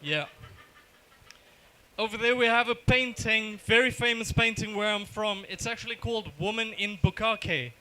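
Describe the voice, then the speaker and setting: A man from Johannesburg with a South African accent doing a deadpan, self-deprecating stand-up set in a bar. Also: high-pitched, moderate pace, low-quality recording. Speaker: stand-up comedian. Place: comedy bar stage.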